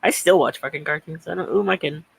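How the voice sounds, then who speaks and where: A playful man with a high, gravelly voice, co-hosting and tossing out jokes in casual chat. He often stammers, and the sound is dry. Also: fast talker, a bit bright, dry recording. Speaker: co-host.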